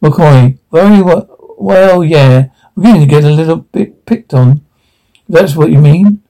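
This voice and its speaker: A wry, grumbling ship's doctor, read by a man in a dry, stop-and-start delivery. The voice is gravelly and dark-toned. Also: a little high, low-quality recording. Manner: dry, halting reading.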